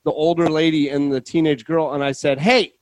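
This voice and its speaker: A man hosting a podcast, telling a story in a casual chat with lots of swearing and quick restarts. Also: on the high side, little pitch movement, a little mellow, dry recording. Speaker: podcast host. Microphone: remote call setup.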